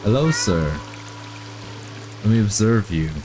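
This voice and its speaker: A young man with a very low voice streams himself playing a game, joking as he goes. He breaks into high, excited cries when something happens. Game music plays clearly behind him. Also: takes it slowly. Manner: reactive, jokey, breaks into high excited exclamations. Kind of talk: live gameplay commentary.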